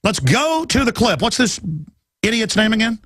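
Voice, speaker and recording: A man's voice: sits high, sing-song, moderate pace, fairly bright tone, no echo. A middle-aged man from Texas hosting a talk radio show, ranting heatedly and mocking his opponents. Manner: heated, ranting, mocks opponents in put-on voices. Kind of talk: impassioned talk radio monologue.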